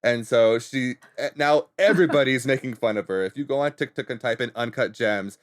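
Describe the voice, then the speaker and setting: A man's voice: medium pitch, fairly quick. A man in casual chat on a talk show, explaining internet trends in an upbeat way and laughing often. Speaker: guest internet trends reporter.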